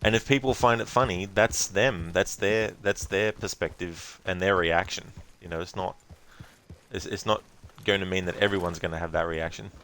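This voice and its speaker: A man's voice: low-pitched, normal speed, a bit bright, slight background noise. A man giving casual, rambling commentary while playing a game. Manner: chatty, rambling, musing aloud. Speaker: gameplay streamer.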